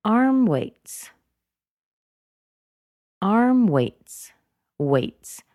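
A woman casually describing her daily routine, pausing often with ums. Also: mid-range voice, big pitch swings, a little mellow, dry recording, clean studio sound. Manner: hesitant, with frequent ums. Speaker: recorded speaker in a sample clip.

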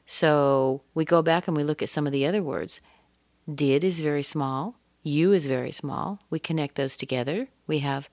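A woman teaching English pronunciation, modelling stress and intonation slowly and deliberately. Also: low-pitched, a little mellow, dry recording.

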